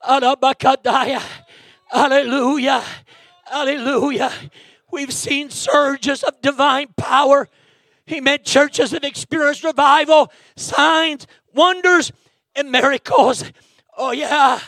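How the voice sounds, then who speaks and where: A man preaching an impassioned sermon in a church, breaking into shouts and dropping "amen" between lines. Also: very high-pitched, fairly even intonation, takes it slowly, no echo, studio quality. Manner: fervent, bursts into shouting, peppers lines with "amen". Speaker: guest preacher. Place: church sanctuary.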